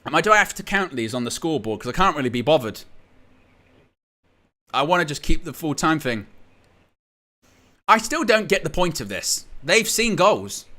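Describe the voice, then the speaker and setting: A man hosting a live fan stream, gloating over the result with animated, teasing commentary. His voice is high and bright. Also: normal speed, pauses often. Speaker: host of a live fan match watchalong.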